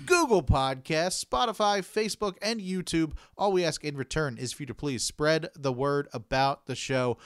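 Smooth-voiced laid-back man podcast host. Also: a little high, no echo, clean studio sound. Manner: laid-back, brief agreeing replies, reads promos briskly. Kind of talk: casual chat and scripted outro.

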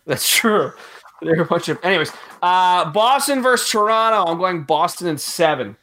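Lively bright-voiced young man. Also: sits high, normal speed. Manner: animated, laughing often, thinking aloud. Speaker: podcast co-host. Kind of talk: casual sports chat.

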